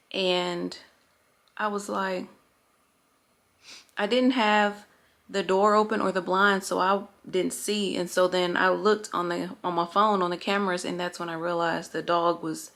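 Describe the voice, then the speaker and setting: A woman's voice: on the low side, creaky, a bit bright. A young woman, chatting casually in a home vlog, rambling and correcting herself as she goes. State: slightly out of breath. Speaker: vlogger. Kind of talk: casual chat.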